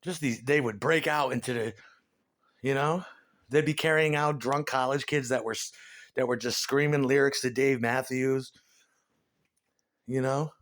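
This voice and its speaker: A middle-aged man doing a profane, animated stand-up rant about his past. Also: mid-range voice, a little slow, pauses often. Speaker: comedian.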